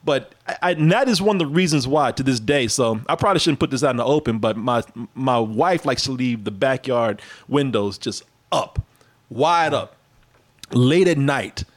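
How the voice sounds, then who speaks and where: Middle-aged man, storyteller, animated and profane, mid pitch. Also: moderate pace. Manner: animated, profane, laughs through his story. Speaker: storyteller guest. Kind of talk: casual chat, telling a story.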